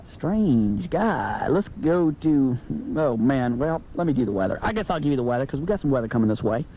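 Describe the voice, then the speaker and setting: A man's voice: medium pitch, big pitch swings, moderate pace. A man hosting a late-night call-in radio show, with a brash, joking and opinionated way of talking. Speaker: radio talk show host. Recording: lo-fi AM radio tape with faint hiss.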